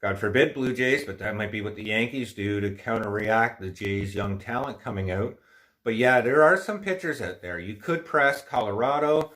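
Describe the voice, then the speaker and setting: Hosting a casual livestream, this man talks in a fairly low but fairly bright voice at a moderate pace. His rambling is opinionated and frustrated, and his nose is stuffed up from allergies.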